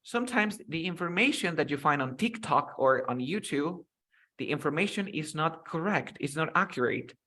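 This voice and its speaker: Young Spanish-speaking man, a touch high-voiced, tutoring English on a video call, repeating words for drills. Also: expressive, normal speed, bright, forceful tone. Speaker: English teacher. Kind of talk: online English lesson.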